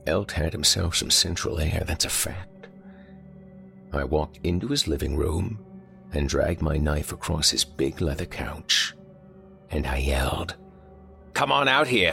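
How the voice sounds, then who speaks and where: A man reads as a dying old man recounting a horror with folksy, rural turns of phrase. The voice sits extremely deep, slow and gravelly, with a bright edge. Faint music plays behind him. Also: heavily acted. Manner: folksy, rural storytelling grammar; pained, gasping delivery. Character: dying older man, haunted and bitter.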